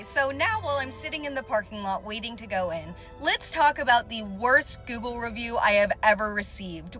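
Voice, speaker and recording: A woman's voice: a little high, sharp tone. A young woman who works as a restaurant server, chatting through a storytime from her parked car. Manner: chatty, explanatory retelling. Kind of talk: casual storytime.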